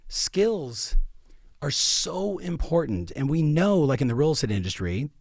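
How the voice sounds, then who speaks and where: A man's voice: fairly high pitch, very animated, moderate pace, gravelly, darkish tone, no echo, studio quality. Emphatic middle-aged man coaching agents. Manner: emphatic, repeats key phrases. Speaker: real estate coach. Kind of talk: coaching talk.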